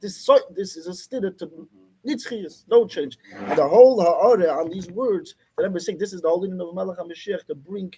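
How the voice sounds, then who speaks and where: A man's voice: sits high, a little fast, mellow, slight background noise. A man teaching a Torah class, arguing insistently with his students and mixing in Yiddish and Hebrew terms. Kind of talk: heated study-class debate.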